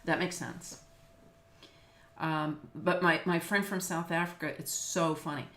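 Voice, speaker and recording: Her voice is deep and a bit bright, with fairly even intonation and an unhurried delivery, and a little hiss or hum sits under it. She is a middle-aged woman from Los Angeles, United States, who teaches business law, talking casually on a video call with many fillers and easy laughs in an echoey room.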